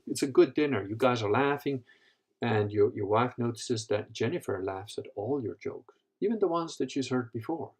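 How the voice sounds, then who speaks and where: A man's voice: medium pitch, darkish tone, breathy edge. A man hosting a live Q&A, telling crude, rambling stories with lots of profanity. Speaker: host answering live questions. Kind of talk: live Q&A talk.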